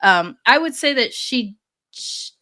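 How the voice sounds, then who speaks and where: A woman's voice: on the high side, lively intonation, takes it slowly, sharp tone, no echo, studio quality. A woman co-hosting a podcast, talking casually and thoughtfully, with many fillers and restarts. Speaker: podcast co-host. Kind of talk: casual chat.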